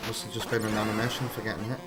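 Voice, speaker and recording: A man's voice: fairly low pitch, flat delivery, rapid-fire. A man chatting through live gameplay commentary, self-deprecating and answering his chat. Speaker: streamer. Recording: game music behind the voice. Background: game music.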